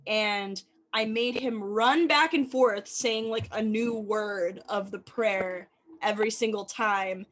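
A woman's voice: medium pitch, takes it slowly, fairly bright tone, slight background noise. A woman hosting a podcast over a video call, asking eager questions and laughing often. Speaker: host. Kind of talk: casual chat.

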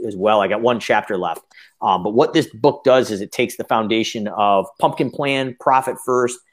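A man who owns businesses, giving a long, rambling interview answer full of fillers and restarts. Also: mid-range voice. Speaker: business owner guest.

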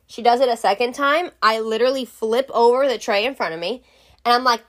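A woman's voice: a little high, a little fast, a bit bright. A young woman telling a storytime vlog in a blunt, exasperated, profane way. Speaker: vlogger.

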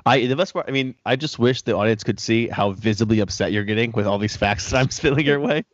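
A man as a podcast guest in casual chat, calm and factual with a wry edge. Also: mid-range voice, fast talker, no room sound. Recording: dry, dull lo-fi sound.

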